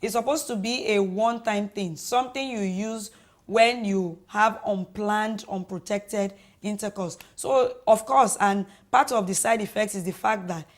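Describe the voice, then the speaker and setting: A woman doctor with a Nigerian accent gives patient, measured advice on a radio call-in show. Her voice sits at a middle pitch and her tone stays even and reassuring. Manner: calm, measured, advising. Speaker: doctor, guest expert.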